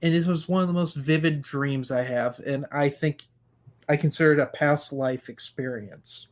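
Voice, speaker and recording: A man's voice: on the high side, fairly even intonation, normal speed. A man hosting a casual podcast chat, talking in an earnest, reflective way. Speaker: podcast host.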